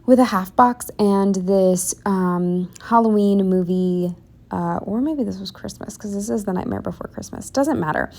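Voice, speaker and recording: A woman's voice: mid-range voice, measured pace, gravelly, dark tone. A young woman chatting casually through a planner voiceover, rambling with lots of ums and likes. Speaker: planner vlogger.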